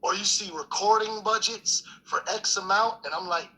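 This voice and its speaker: A man's voice: high voice, moderate pace, sharp tone, rough recording. A middle-aged man telling a story in a laid-back, profane street style, full of fillers. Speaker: guest storyteller. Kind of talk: casual storytelling chat.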